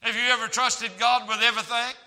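A man preaching a revival sermon, folksy and storytelling, swinging from shouts to hushed asides. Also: very high-pitched, level tone, fairly quick. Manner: shouting then dropping to a hush, folksy storytelling. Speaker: evangelist preacher. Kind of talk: revival sermon with acted-out Bible stories.

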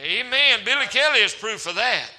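Male evangelist, very high bright voice, folksy sermon delivery, church hall reverb. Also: very animated, moderate pace. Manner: folksy preaching with humor and rising emphasis. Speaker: evangelist preacher.

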